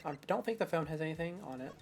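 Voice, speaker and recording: Woman streamer chatting thru a game, self-mocking, lowish voice, quiet music behind. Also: expressive, quick pace, vocal fry. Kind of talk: let's-play commentary.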